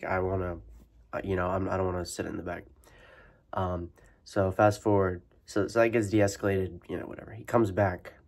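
Low-voiced young man venting, profane. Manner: loose and profane, heavy fillers like "like" and "you know"; agitated, venting anger. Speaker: vlogger giving a life update. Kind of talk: casual rambling storytelling.

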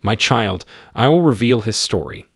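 Guy reading a calm fatherly lord, low husky voice, patient and reassuring. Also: normal speed, no room sound, studio quality. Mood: gentle. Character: gentle, patient divine male Lord.

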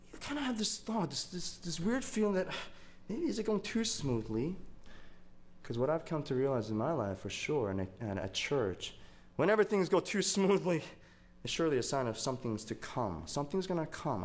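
A man's voice: on the high side, darkish tone. A young man preaching a sermon as a pastor, telling a story in a conversational way and repeating words as he gets going.

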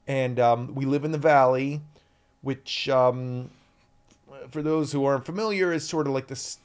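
A man in his forties from the US East Coast, a guest chatting casually in an interview, rambling and interrupting himself. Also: mid-range voice.

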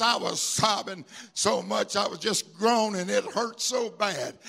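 High, gravelly preacher man, fervent and repetitive. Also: unhurried, few pauses. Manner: emphatic and repetitive, swelling into shouts. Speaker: bishop and pastor. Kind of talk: live church sermon. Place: church sanctuary with congregation.

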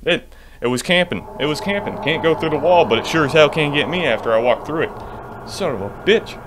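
A man's voice: fairly high pitch, expressive, brisk, noisy background. A man giving jumpy, profane commentary to himself while playing a horror game. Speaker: gamer.

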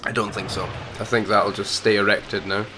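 A man's voice: lowish voice, flat delivery, moderate pace, over music. A man casually bantering while playing a video game with a friend, laid-back and laughing often. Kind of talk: casual let's-play banter.

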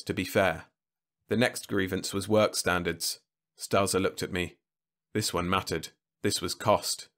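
A man reading a science-fiction story aloud in a measured, even manner. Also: lowish voice. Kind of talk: scripted narration.

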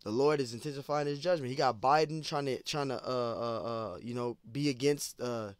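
A man's voice: mid-range voice, moderate pace, clear, resonant tone, no room sound. Casual man preaching, dry close sound. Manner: casual, repetitive, peppered with "man" and "you know". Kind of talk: informal scripture teaching.

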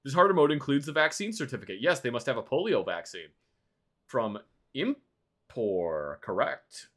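A man's voice: medium pitch, big pitch swings, fast talker, fairly bright tone. A male streamer giving casual live commentary on a game. He jokes and teases in a mock-official tone. His voice rises and falls a lot. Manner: playful, teasing mock-official banter.

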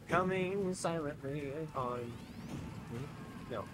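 A man gaming on the couch with a friend, loudly trash-talking and laughing as he plays. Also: a little high, lively intonation, normal speed, noisy background. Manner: loud, playful trash talk, laughs often. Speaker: co-host playing a video game. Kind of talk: casual gaming chat.

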